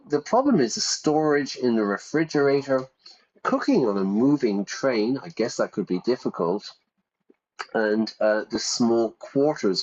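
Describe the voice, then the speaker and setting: A man's voice: lowish voice, a little mellow. Joking man explaining words over a game. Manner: jokey, explanatory, playful asides. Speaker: English teacher streaming a game. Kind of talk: casual game commentary explaining vocabulary. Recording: dull lo-fi sound.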